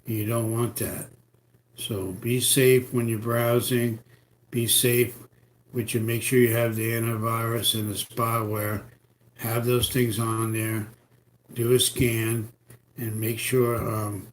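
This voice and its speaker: A man with a New York accent and a deep voice, giving rambling, repetitive computer security tips on a live stream. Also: a little hiss or hum. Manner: rambling, repetitive, folksy advice. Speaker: computer repair host. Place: home in Florida.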